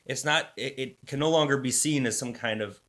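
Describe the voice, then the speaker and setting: Brief: male co-host, bright tense tone, loose rambling chatter with restarts. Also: mid-range voice, a little fast. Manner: rambling, restarts, swears casually. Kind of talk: casual conversation.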